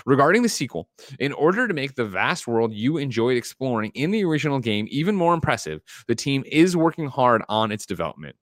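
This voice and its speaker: A man hosting a casual gaming news podcast, talking in an animated way with frequent restarts and reading out listener letters. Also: medium pitch, a little fast, no room sound, studio quality. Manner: animated, restarts often, reads listener mail. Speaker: podcast host.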